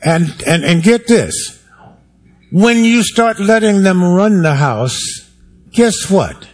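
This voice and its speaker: A man's voice: high voice, lively intonation, slow. Man preaching, wry and conversational. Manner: preaching to a congregation, conversational and wry, calling for amens. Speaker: pastor. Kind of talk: sermon. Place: church sanctuary.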